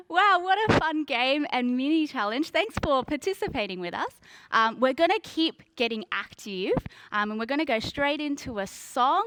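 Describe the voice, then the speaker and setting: An Australian woman leading a children's church segment, energetic and giving instructions. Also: high voice, moderate pace, a little hiss or hum. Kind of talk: leading kids into a song.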